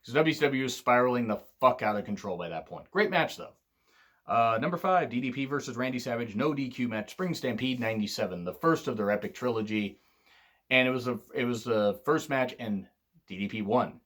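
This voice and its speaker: A tired man hosting a casual wrestling countdown, rambling, swearing freely and often clearing his throat. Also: mid-range voice, animated, brisk, fairly bright tone. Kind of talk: casual spoken countdown commentary.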